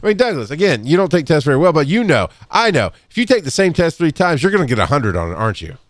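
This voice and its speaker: A blunt, animated man hosts a casual podcast and talks as an EMS educator. His voice jumps higher whenever he gets fired up, and he laughs often along the way. The sound is dry and close, with almost no room on it. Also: quick pace, dry recording. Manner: blunt and animated, swings up in pitch when fired up; laughs often and clears throat.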